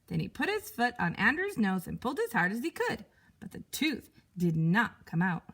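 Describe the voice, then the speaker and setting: A teacher reading a picture book aloud to young pupils, expressive and animated. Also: female voice, on the high side, normal speed.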